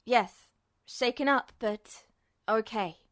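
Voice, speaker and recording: A man's voice: takes it slowly, fairly bright tone. A woman voicing a subdued, worried husband. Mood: grim, subdued. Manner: low, subdued murmur. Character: worried family-man officer, protective husband.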